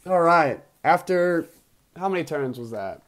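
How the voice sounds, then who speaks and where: Excitable young man calling a game. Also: a little high, measured pace. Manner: excitable, swings from mumbling to loud outbursts. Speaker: video host and league player. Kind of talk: casual game commentary.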